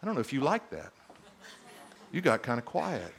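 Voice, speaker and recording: A middle-aged male pastor preaching a sermon in a church, animated and teasing his congregation. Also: high voice, brisk, slight background noise.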